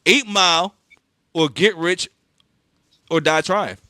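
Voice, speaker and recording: A man hosting a podcast, chatting casually in slang, animated and laughing often. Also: high-pitched, slow, no echo. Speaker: podcast host. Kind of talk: casual chat.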